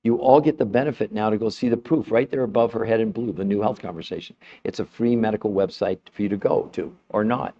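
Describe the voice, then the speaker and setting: A man's voice: on the low side, fast, few pauses. Fired-up middle-aged man, slightly muffled. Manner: fired-up, blunt, swears; turns soft and emotional. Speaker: health presenter. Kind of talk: impassioned health talk. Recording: slightly dull lo-fi sound.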